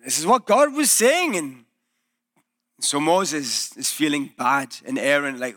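A male pastor preaching a sermon in a church, telling the story in a lively way and acting out the quoted voices. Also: a little high, takes it slowly.

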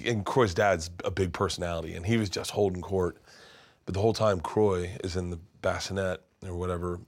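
A man with a low voice tells a rambling story in casual conversation. He restarts his sentences often and stumbles over words as he goes. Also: slightly rough. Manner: rambling, animated, many restarts, acts out voices. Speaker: guest storyteller.

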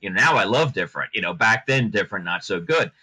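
A middle-aged male lawyer chats as a podcast guest, circling through stories with frequent restarts. His voice has a bright, forceful edge. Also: fairly low pitch, animated, quick pace, a little hiss or hum, poor audio. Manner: chatty, rambling with many restarts. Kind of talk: casual podcast interview.

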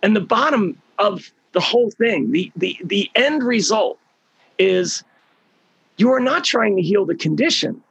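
Man, middle-aged, motivational talk, fairly high voice, husky, emphatic storytelling. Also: sing-song, a little slow, fairly bright tone, dry recording. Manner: emphatic storytelling, repeats words for stress. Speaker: healing program leader.

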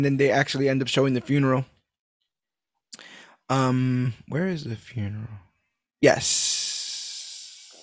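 A man hosting a casual chat, talking in a rambling, animated way and swearing casually. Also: medium pitch, no echo, studio quality.

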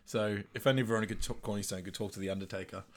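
A man's voice: lowish voice, fairly even intonation, very fast. A man co-hosting a casual podcast, chatting and laughing as he recaps a film. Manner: chatty, laughs often, acts out film quotes. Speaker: podcast co-host.

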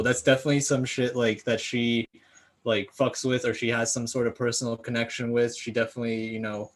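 Laid-back man with slangy talk. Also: medium pitch. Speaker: podcast co-host. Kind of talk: casual sneaker podcast chat.

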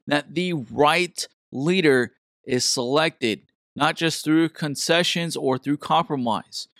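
A man's voice: fairly high pitch, fairly bright tone, no room sound, clean studio sound. A man giving an urgent, earnest sermon-like exhortation to pray. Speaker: preacher.

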